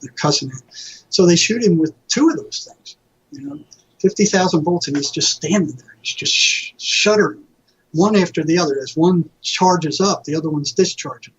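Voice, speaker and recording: A man, a mental health counselor, telling lively anecdotes as a guest in an interview and acting out what others said. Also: high voice, moderate pace, husky. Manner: animated anecdotes, acting out quoted people. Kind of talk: conversational storytelling. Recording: dull lo-fi audio.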